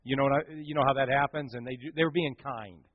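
A middle-aged man preaching a personal story as a sermon, swinging from loud bursts to hushed, near-whispered lines. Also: medium pitch, fairly even intonation, fast talker, no echo. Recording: dull dry sound.

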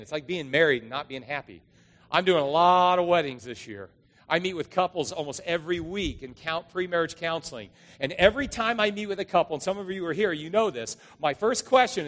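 With a high, expressive and fairly bright voice, a pastor preaches briskly to his congregation in church. His conversational sermon relies on storytelling and emphatic rises, and a long reverb tail follows.

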